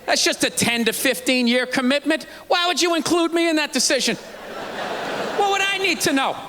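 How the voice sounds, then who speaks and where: A man performing a stand-up comedy routine, ranting sarcastically and shouting his punchlines. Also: very high voice, lively intonation, normal speed. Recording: live stage recording with audience and noise.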